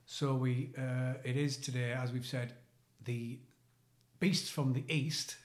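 A man's voice: medium pitch, fairly even intonation, slow pace. Male podcast co-host, casual, rambling, self-deprecating; roomy echo. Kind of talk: casual chat.

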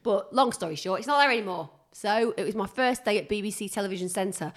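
A woman's voice: mid-range voice, animated, fast. A middle-aged British woman co-hosting a podcast, chatting casually in a rambling, giggly way. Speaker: podcast co-host. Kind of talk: casual chat.

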